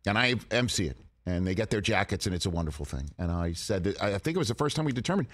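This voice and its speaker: A middle-aged man hosting a sports talk show, telling a story in a casual, animated way with quick restarts. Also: sits low. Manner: animated, excited retelling with restarts. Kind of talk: casual studio chat, storytelling. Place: studio.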